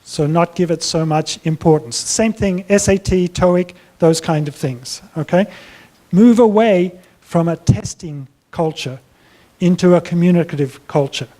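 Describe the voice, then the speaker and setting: Mellow-voiced man answering conference questions. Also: on the high side, measured pace. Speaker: plenary speaker. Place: conference hall.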